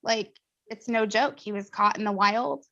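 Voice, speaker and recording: An American woman hosting a casual conversation, an animated storyteller who mimics voices. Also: mid-range voice, a little slow, muffled recording.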